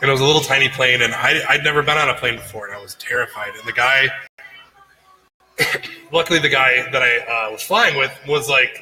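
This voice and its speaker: Bright-voiced man telling a story. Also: medium pitch, a little fast, low-quality recording. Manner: animated storyteller, acts out quotes. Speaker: podcast co-host. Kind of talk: casual storytelling chat.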